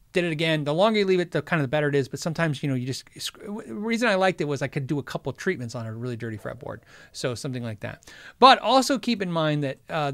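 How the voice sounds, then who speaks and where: A man with a somewhat high voice hosts a live guitar gear stream, talking casually and reading chat. He rambles, cracks jokes and interrupts himself often. The sound is dry, with no room echo. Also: fairly bright tone. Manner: rambling, chatty, frequently sidetracked; joking, self-interrupting. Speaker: host of a guitar gear livestream.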